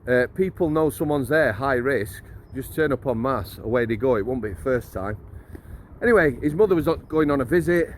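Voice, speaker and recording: Middle-aged bloke, ex-prison officer, casual and cheeky storyteller, mid-range pitch, faint traffic in the background. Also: male voice. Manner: chatty, blunt and jokey, laughs mid-story, addresses viewers as guys. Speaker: former prison officer telling stories.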